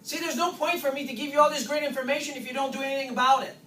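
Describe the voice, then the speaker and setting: A chiropractor giving an informal nutrition workshop to patients, lively and full of "guess what?" asides. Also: sits high, racing. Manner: animated, keeps asking "guess what?". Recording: roomy, distant, faint hiss.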